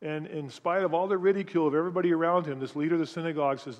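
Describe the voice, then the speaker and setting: A man preaching a sermon, retelling scripture stories with animated storytelling and frequent restarts. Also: fairly high pitch, very fast, muffled recording. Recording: long reverb of a hall.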